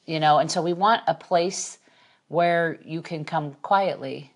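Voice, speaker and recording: A woman hosting a podcast, chatting casually and supportively with her guest. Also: low voice. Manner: supportive, quick backchannels and laughs. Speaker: podcast host. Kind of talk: casual chat.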